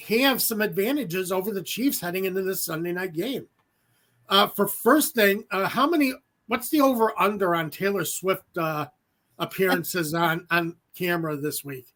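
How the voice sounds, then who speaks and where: A man's voice: high voice, fairly bright tone. A man co-hosting a casual sports podcast, chatty and loose, with lots of fillers and little jokes.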